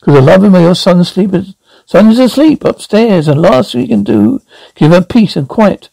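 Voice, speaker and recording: A woman's voice: medium pitch, lively intonation, moderate pace, creaky, dry recording, poor audio. A fussy house-proud mother. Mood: fussing. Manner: fussing, scolding in hushed tones. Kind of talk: sitcom acting.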